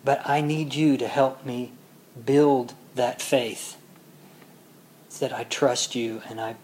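A man delivering a sermon in a slow, deliberate way, weighing each phrase. His voice sits at a middle pitch and climbs to loud, fervent peaks before falling back to a soft, earnest hush. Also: steady tone, a little hiss or hum. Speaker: preacher.

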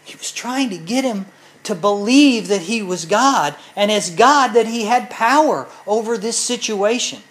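A woman delivers a sermon at an unhurried, measured pace, with a voice in the middle of the usual range for a woman. She explains the scripture earnestly and speaks directly to her listeners. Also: mid-range voice, lively intonation, poor audio. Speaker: Bible teacher.

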